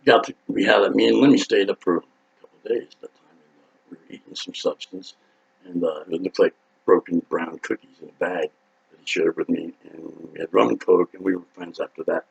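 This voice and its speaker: A man with a low, gravelly, husky voice tells a rowdy story in a loose, rambling way. He swears freely and jumps into loud acted-out quotes. The sound is dull and lo-fi. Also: a little fast. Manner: excitable, profane, acts out quotes loudly. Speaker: rock singer telling a story.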